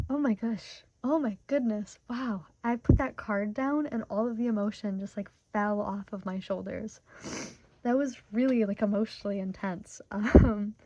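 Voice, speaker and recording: Mellow young woman reading tarot. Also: fairly high pitch, dull audio. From Michigan, USA. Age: 20s. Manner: chatty, heavy use of "like" fillers; emotionally open, talks through her feelings. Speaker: tarot reader. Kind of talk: casual pick-a-card tarot reading.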